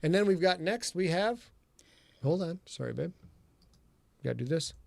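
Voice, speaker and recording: Jokey high-voiced man hosting a podcast. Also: expressive, normal speed, creaky, darkish tone, no echo. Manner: jokey, flustered, rambling with restarts. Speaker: podcast host and author. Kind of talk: casual chat.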